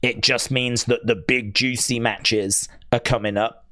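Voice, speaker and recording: Excitable man hosting a stream. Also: medium pitch, unhurried, dry recording, studio quality. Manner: excitable, rambling, answers chat messages. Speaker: live stream watch-along host. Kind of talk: casual live-stream chat.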